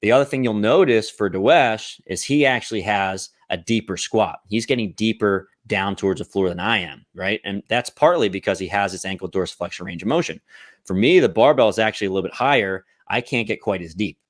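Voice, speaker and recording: A man's voice: lowish voice, brisk, dry recording, studio quality. A man coaching on exercise technique, explaining step by step and checking in often with the listener. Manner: explanatory, checks in with "right?" and "okay?". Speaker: fitness coach.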